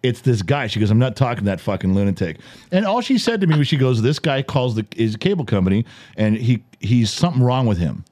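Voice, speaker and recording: A man in his fifties hosts a relaxed podcast conversation, telling funny stories with plenty of swearing. His voice swings widely in pitch as he gets into the tale. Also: quick pace. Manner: animated storyteller, swears, laughs often. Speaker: podcast host. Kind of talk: casual storytelling chat.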